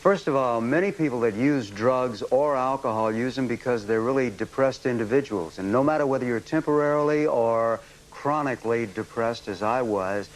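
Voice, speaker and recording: Brief: earnest male panel guest, mid-pitched, faint tape hiss. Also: moderate pace, hardly any pauses, low-quality recording. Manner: earnest, advising. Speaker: talk show panel guest.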